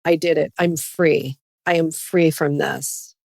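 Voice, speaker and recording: A middle-aged woman tells her own story with earnest conviction. Her voice sits a little low and carries a gravelly edge. The sound is close and dry. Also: fairly even intonation, takes it slowly, a little mellow, no room sound. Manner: earnest, faith-based testimony. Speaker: podcast guest. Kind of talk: personal story in a podcast interview.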